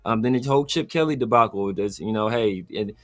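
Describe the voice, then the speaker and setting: A man hosting a casual sports talk show, telling stories in an animated way and mimicking other people. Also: fairly low pitch, brisk. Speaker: podcast host.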